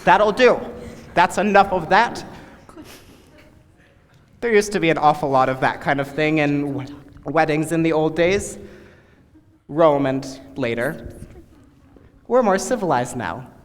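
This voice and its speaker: A man acting as a wry onlooker at a wedding, dry and amused, speaking slowly in a slightly high voice. It is heard from afar in an echoing hall. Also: lightly acted. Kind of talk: stage play acting. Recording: distant reverberant hall.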